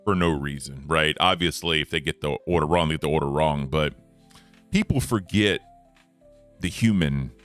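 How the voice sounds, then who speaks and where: A young man with an extremely deep voice chats casually as a podcast co-host. His tone stays bright and forward even as he rambles and lets his sentences trail off quietly. Faint music sits in the background. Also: moderate pace. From United States.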